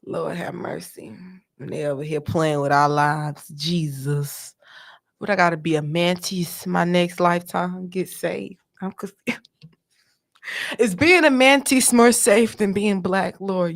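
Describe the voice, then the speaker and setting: A woman's voice: medium pitch, expressive, a little slow, vocal fry. A woman hosting a show, giving casual, joking commentary on news stories with lots of exclamations. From North Carolina. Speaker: show host.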